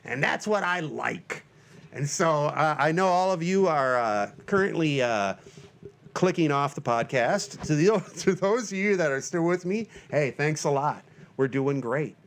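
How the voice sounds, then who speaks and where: A man in his forties hosting his own podcast alone, talking loosely with lots of fillers and breaking into shrill panicky shouts for comic effect. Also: lively intonation, unhurried. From Northern Michigan, US. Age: 40s. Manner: loose and self-mocking, lots of fillers and restarts. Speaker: podcast host. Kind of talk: rambling solo podcast monologue.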